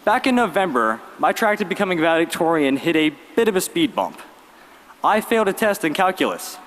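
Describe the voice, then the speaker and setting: Teen guy giving a grad speech in a big arena, bouncy animated voice, long echo. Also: high-pitched, a little fast. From Virginia, US. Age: late teens. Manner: lively storytelling with wry humor. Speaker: valedictorian. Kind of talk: graduation speech. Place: large arena.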